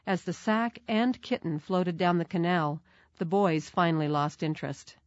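A woman narrating a children's storybook in a measured, clear manner. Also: on the low side, no room sound. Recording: dull, dry recording.

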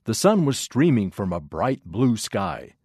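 A man with a lower voice reads a children's story with a lot of rise and fall in his voice. The recording is close and dry. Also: sing-song, unhurried, darkish tone, husky, no echo. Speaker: narrator. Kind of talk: storybook narration.

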